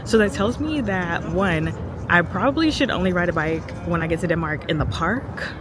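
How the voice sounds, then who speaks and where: A young woman vlogging casually outdoors, chatting to viewers in a lively storytelling way, calling them y'all and girl. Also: fairly low pitch, moderate pace. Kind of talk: casual vlog chat to camera. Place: outdoors on loud city streets and in a park. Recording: noisy street recording with traffic.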